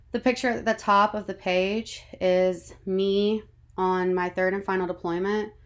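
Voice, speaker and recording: A woman in her thirties from North Carolina, narrating a slide presentation as a student presenter in a measured, read-from-script way. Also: fairly low pitch. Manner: measured, reading a prepared script.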